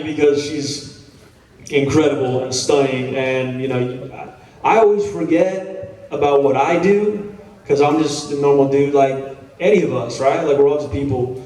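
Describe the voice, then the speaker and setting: A man in his thirties tells stories to a convention crowd in a relaxed, chatty way, poking fun at himself. His voice sits a bit high. It rings through a big echoey hall, picked up from some distance. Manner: laid-back, chatty, self-deprecating, swears casually. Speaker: actor answering fan questions on a panel. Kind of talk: casual storytelling Q&A.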